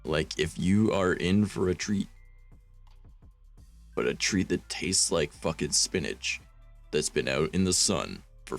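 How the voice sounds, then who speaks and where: A man's voice: sits low, vocal fry. A man streaming, reading fanfiction aloud and rambling about it with wry, self-mocking asides.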